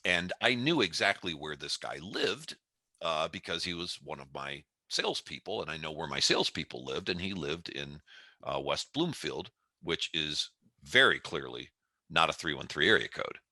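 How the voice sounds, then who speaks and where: A man in his fifties tells a story as a guest on an interview podcast, acting out each step. His low voice is forceful and swings widely in pitch. The recording is close and dry. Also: normal speed, no room sound. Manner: animated storyteller who acts out the scene. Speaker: guest CEO.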